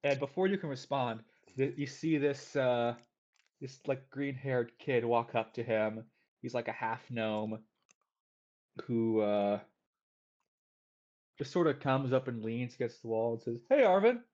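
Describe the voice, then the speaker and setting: A man's voice: medium pitch, steady tone, measured pace, pauses often, darkish tone. Casual man running a tabletop game. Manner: filler-heavy, casual. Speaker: game master. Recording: dull lo-fi audio.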